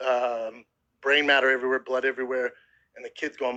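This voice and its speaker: A man's voice: mid-range voice, a little fast, lo-fi sound. A man in his thirties telling a harrowing story in casual, profane podcast chat, close to tears at times. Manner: profane, animated retelling with acted quotes. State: emotional, near tears. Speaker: podcast host.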